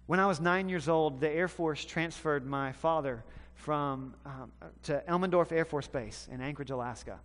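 A man from the American South preaching a sermon, telling a story with animated swings between loud and hushed delivery. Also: a little high, normal speed, hardly any pauses. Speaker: pastor. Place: church sanctuary. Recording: long hall reverb.

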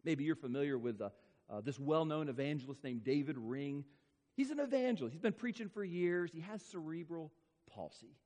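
A man with a high voice preaches from the pulpit, hammering home repeated phrases and slowing right down on the words that matter. His pitch leaps and falls all through the sermon. The sound carries a long, ringing reverb from a large church hall. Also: lively intonation, mellow. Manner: emphatic, repetitive preaching with dramatic slowdowns. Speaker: pastor.

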